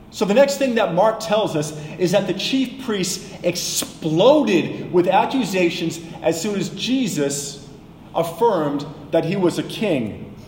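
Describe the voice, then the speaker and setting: A man teaching a sermon, measured and explanatory, slowing down for emphasis. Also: sits high, darkish tone, reverberant, in a large hall, slight background noise, low-quality recording. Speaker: preacher.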